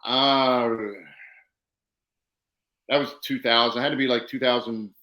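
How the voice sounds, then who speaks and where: A man, a professional wrestler, casually telling animated stories and acting out quoted dialogue. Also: medium pitch, a little slow, echoey room, rough recording. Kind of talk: casual storytelling.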